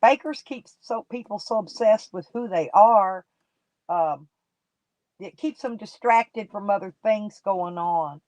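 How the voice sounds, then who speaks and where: A woman's voice: mid-range voice, takes it slowly, a little mellow, dry recording, low-quality recording. A woman streaming live, chatting casually with her viewers and gossiping about people in her chat in folksy, colloquial talk.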